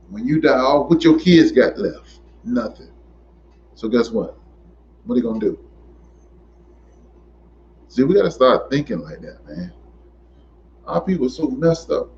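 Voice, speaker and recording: A man in an impassioned monologue, preachy and emphatic, repeating himself and rising to near shouts. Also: medium pitch, slight background noise. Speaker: commentator. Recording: dull lo-fi recording.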